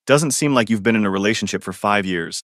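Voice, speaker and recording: A man's voice: on the low side, fast, a bit bright, no room sound, studio quality. A man voicing a confident young bride who teases her new husband in a storybook reading. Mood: teasing. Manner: teasing, confident.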